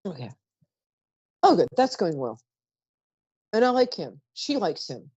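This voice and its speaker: A woman's voice: fairly low pitch, big pitch swings, a little slow, darkish tone, slightly rough, no echo, lo-fi sound. A woman hosting a live call-in psychic reading show, chatty and rambling, often trailing off mid-sentence. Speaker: psychic radio host.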